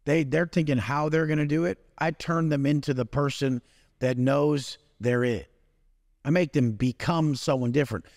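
A man's voice: a little high, normal speed, a little mellow, no echo, studio quality, in a large hall. A man delivering a profane, aggressive motivational rant as an interview guest. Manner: aggressive, swearing heavily. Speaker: guest speaker.

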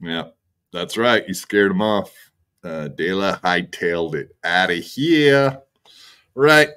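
A man's voice: sits low, slow, fairly bright tone, clear, resonant tone. A man hosting a livestream, signing off in a laid-back way with crude jokes. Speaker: streamer host. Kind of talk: casual livestream sign-off.

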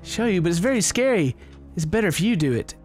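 Man doing a sly little girl, raised pitch, lively up-and-down delivery, creepy teasing tone. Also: fast talker, soft background music. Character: creepy little girl patient offering sleeping pills.

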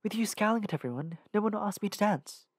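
A man voicing a sharp-tongued, defensive young woman assassin in an audiobook. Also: sits high, expressive, quick pace, dry recording, clean studio sound, voice pushed up. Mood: annoyed.

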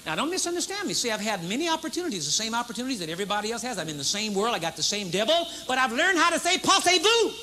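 A man in his fifties preaching a sermon to a live congregation, emphatic and repetitive, moving between loud proclamation and low intense talk. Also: very animated, very fast, few pauses, background noise. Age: 50s. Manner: emphatic, repeats key phrases for effect. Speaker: pastor. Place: large church service with congregation responding.

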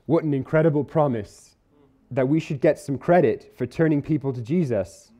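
A man preaching a sermon at church, earnest and conversational, slowing down to stress key words. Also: on the high side, dark tone. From Isle of Man or UK. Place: church hall.

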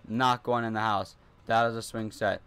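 A man's voice: lowish voice, steady tone, normal speed, fairly bright tone, clear, resonant tone. A young man playing a horror game in his hot bedroom, talking nervously to himself and repeating lines as he runs. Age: teens. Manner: nervous, repetitive self-talk. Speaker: gaming YouTuber.

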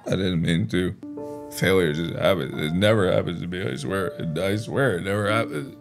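A man in his thirties hosting a casual gameplay video, joking around and yelling at setbacks. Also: low voice, moderate pace, gravelly, over music. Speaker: gaming video host. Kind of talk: casual let's-play commentary.

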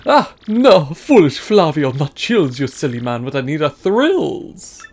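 A man's voice: on the high side, very animated, unhurried, exaggerated voice. A man voicing a pompous, vain rich male trader with an exaggerated fake French accent, theatrical and grandiose. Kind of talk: let's play voicing game characters.

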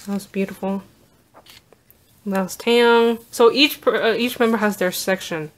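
Woman, vlogger, unboxing narration, slow unhurried delivery, gushing and awed. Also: medium pitch, fairly even intonation. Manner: awed, gushing exclamations, soft asides.

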